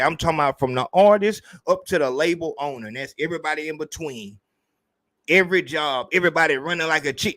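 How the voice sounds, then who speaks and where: A man with a high, light voice hosts a podcast and rants in a loose, profane way. He is animated and keeps slipping into mocking impressions of other people. The sound is close and dry, with no room echo. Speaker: podcast host. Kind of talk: casual rant.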